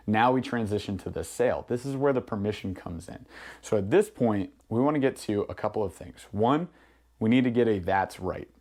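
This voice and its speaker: Guy with a lowish voice coaching gym owners on sales, direct and upbeat, acts out what to say to clients. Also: a little mellow. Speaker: business mentor. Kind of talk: instructional sales coaching talk.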